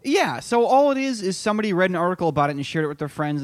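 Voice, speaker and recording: A man's voice: on the high side, racing, hardly any pauses, no echo. A young man, co-hosting a casual comedic chat, profane and laughing often. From Connecticut, USA. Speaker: podcast co-host.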